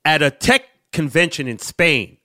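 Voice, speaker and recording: A man co-hosting a comedy podcast, telling stories in profane, animated casual banter. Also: a little high, unhurried. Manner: profane, laughing, animated storytelling. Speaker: podcast co-host.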